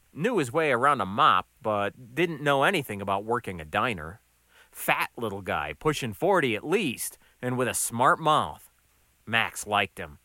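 A man narrating a story with a wry, brisk delivery. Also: medium pitch, pushed and bright, no room sound, clean studio sound. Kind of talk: audiobook narration.

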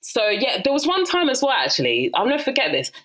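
Talking fast in a high-pitched voice, this young guest with a South London accent spins animated stories during a casual interview. She impersonates other people as she goes and laughs frequently.

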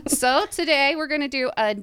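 A woman's voice: sits high, normal speed, a bit bright, no room sound, studio quality. A woman hosting a podcast episode, upbeat and friendly as she introduces her guests. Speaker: podcast host.

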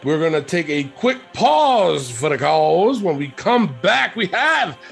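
A man co-hosting a casual podcast, reading out listener comments and chatting in an animated way. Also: a little high, slow, gravelly, soft background music. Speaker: podcast co-host.

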